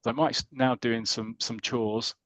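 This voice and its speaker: A man's voice: mid-range voice, fairly even intonation, slow, a bit bright, dry recording. A British man co-hosting a podcast, casually recapping a comic in a rambling way with many restarts. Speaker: podcast co-host.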